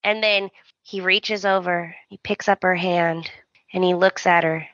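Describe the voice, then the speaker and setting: A woman's voice: fairly low pitch, fairly even intonation, a little slow, fairly bright tone, no room sound, highs cut off. A woman hosting a podcast, chatting casually and acting out characters' lines as she recaps. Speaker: podcast host.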